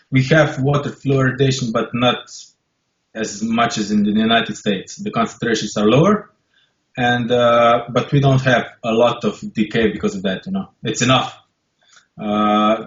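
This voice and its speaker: A man in his thirties with a Slovenian accent, a dentist calmly explaining things as an interview guest on a headset. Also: fairly low pitch, roomy sound, muffled recording. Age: 30s. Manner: calm, matter-of-fact, explaining. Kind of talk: interview answers.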